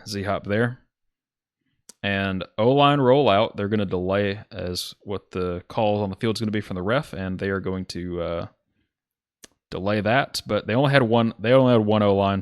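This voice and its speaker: A man's voice: on the low side, moderate pace, clear, resonant tone, dry recording, studio quality. A man from Alabama with a Southern accent, giving casual, rambling play-by-play commentary on a streamed game and often correcting himself as he goes. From Alabama, USA. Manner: rambling, self-correcting, chatty with his chat.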